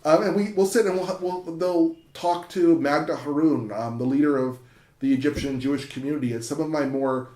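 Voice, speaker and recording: A man's voice: fairly high pitch, fairly even intonation, a little fast, mellow. A man, a university professor, telling an interviewer a story with enthusiasm, full of fillers and restarts. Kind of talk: interview conversation. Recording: echoey room.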